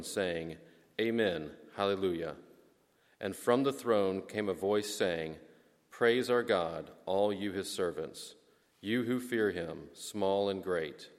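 A man reads scripture to a congregation in a slow, solemn, measured way. His voice sits very low. It carries with the long reverb of a church hall. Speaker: lector.

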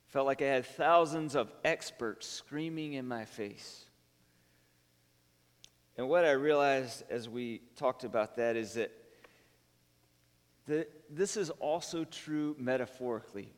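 A man's voice: a little high, unhurried. Man preaching in a reverberant hall. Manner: conversational storytelling with many restarts and fillers. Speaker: pastor. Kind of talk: sermon.

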